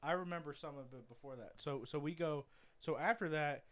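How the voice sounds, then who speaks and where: A young man with a slightly high voice tells a story in casual podcast chat. He rambles, backs up and corrects himself as he goes. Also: a little fast, a bit bright. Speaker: podcast co-host.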